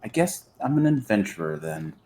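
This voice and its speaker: A man in a casual tabletop role-play over voice chat, speaking calmly and drily in character. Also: fairly low pitch, moderate pace, slight background noise. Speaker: player.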